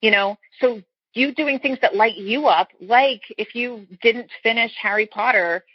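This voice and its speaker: A woman with a husky, slightly breathy voice talks earnestly as a guest coach. She explains her points with homely comparisons and often restarts her sentences. The sound is dry and a little dull and lo-fi. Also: on the high side, a little slow, dry recording. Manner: earnest, explains with everyday analogies, frequent restarts. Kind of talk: casual interview chat.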